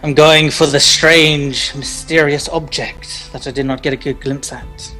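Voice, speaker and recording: A man playing a tabletop game, delivering dry, deadpan one-liners. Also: on the high side, a little slow, soft background music. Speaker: player.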